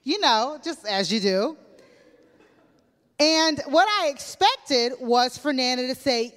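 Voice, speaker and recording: Slow and given to long pauses, this woman's voice runs high, with lively intonation and a fairly bright tone. She's preaching a chatty, story-driven sermon with casual fillers, and the church hall leaves a long reverb.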